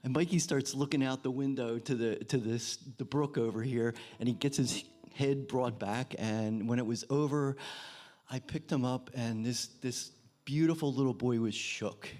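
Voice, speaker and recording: A man in his seventies telling a soft-spoken story at an open mic, his voice drifting quieter as he restarts phrases. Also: medium pitch, normal speed. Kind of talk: spoken storytelling before a song.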